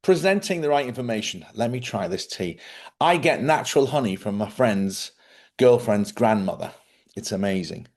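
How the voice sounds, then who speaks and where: A man's voice: on the low side, animated, moderate pace, a little mellow. A middle-aged man, hosting a casual livestream monologue, a chatty storyteller who laughs often and acts out other people's voices. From Ireland. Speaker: livestream host.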